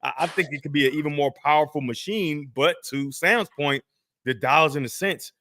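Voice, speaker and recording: A man co-hosting a casual sports talk show, talking in an animated, conversational way with lots of rhetorical questions. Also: on the high side, a little fast, slight background noise.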